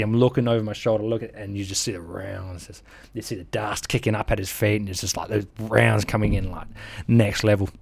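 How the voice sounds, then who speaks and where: A man in his thirties with an Australian accent tells his war stories in an interview. His voice sits a little low and is recorded close and dry. He is animated, acting out gunfire and quotes along the way. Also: quick pace, vocal fry, no room sound. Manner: animated, acts out sounds and quotes, laughs through the telling. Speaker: army veteran guest. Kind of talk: interview storytelling.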